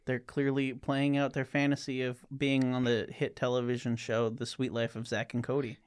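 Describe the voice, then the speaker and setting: A man's voice: medium pitch, little pitch movement, normal speed, darkish tone, clear, resonant tone, no echo. A young man in casual chat, prompting a friend's story with dry teasing remarks.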